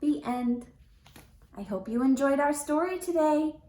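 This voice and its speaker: A female teacher reading a picture book aloud to children, expressive and unhurried, pausing to ask them questions. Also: high-pitched, roomy sound, slight background noise. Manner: expressive, slow storytelling, asks the children questions.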